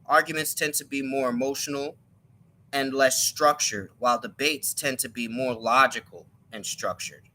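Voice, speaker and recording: A man's voice: medium pitch, steady tone, moderate pace, sharp tone. A man giving an emphatic opinion monologue on his live stream, often repeating and restarting his words.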